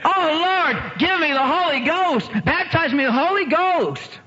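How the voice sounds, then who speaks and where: A man voicing a young woman who cries out fervently in prayer, with breathless, excited exclamations. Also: high-pitched, unhurried, lo-fi sound, voice pushed up, full character voice. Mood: fervent pleading.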